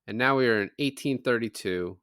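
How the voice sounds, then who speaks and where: A man's voice: mid-range voice, brisk, a bit bright, smooth, no echo, studio quality. A man co-hosting a casual movie review podcast, loosely recapping the plot and joking about the characters. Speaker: podcast co-host.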